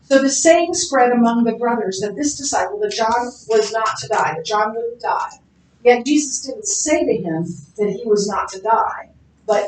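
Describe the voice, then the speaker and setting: A woman with a slightly high, lively, somewhat mellow voice teaches a Bible class conversationally at a normal speed, using many fillers and restarts. She is far from the mic in a classroom or church room, so the audio is roomy with a faint background hum.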